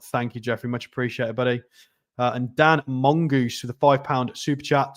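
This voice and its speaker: A man hosting a live football watchalong, chatty and excitable, reading out and thanking viewer messages. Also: mid-range voice, normal speed. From North East England. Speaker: football channel host. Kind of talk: live match watchalong commentary.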